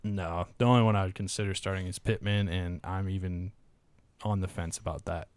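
A man co-hosting a fantasy football podcast, going over matchups and injury news in a steady, measured way. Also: low voice, smooth, dry recording. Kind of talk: casual podcast chat.

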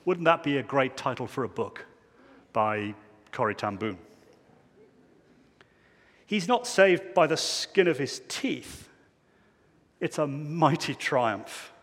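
Slow, emphatic preacher man in echoing church. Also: lively intonation. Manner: emphatic, swings between loud declarations and hushed low phrases. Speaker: pastor. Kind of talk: sermon.

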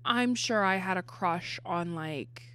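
A woman's voice: fairly low pitch, takes it slowly, pushed and bright. A young adult woman co-hosting a podcast, talking frankly and casually about a cartoon, with many "like" fillers. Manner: chatty, frank, laughs often, many "like" fillers. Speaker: podcast co-host reviewing a cartoon. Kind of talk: casual chat.

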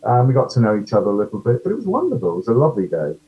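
A British actor, a guest in an interview, chats casually at a very fast clip, his mid-range voice swooping wildly in pitch. A chatty storyteller, he acts out what people said, and the audio is dull and lo-fi.

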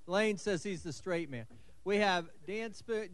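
A man's voice: sits high, slow pace, fairly bright tone. A man hosting a raffle at a live event, chatty and fumbling with good humor.

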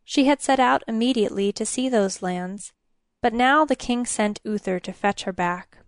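A woman's voice: fairly high pitch, moderate pace, no room sound. Woman narrating a fairy tale, dry close sound. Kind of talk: storybook narration.

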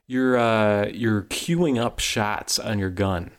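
Animated rambling man on a podcast. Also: slow pace. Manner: animated, rambling, swings high when excited. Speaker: podcast co-host. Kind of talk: casual chat.

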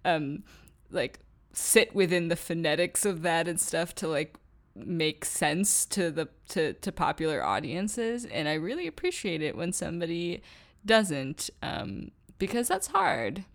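American female podcast co-host, lowish voice, casual and chatty. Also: big pitch swings, unhurried. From United States. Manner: chatty, self-conscious, lots of "like" and "I feel". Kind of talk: casual music discussion.

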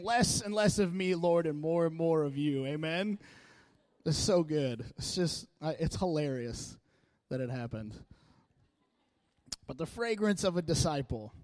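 A man with a slightly raised pitch preaches in a loose, conversational way. He jokes and stays animated as he talks a church crowd through scripture. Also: no echo. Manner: chatty, joking, animated delivery. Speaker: church speaker. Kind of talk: casual sermon. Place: church meeting room.

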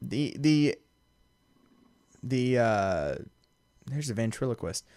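Podcast co-host, man, smooth clear voice, dry close sound, rambly and excitable. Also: medium pitch, slow pace, no room sound. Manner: excited, rambling, laughs often. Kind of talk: casual chat.

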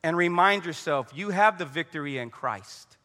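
A man's voice: a little high, lively intonation, moderate pace, pushed and bright, big-room sound. A man preaching a conversational sermon, telling stories and praying aloud. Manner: conversational preaching with storytelling and prayer. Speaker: pastor.

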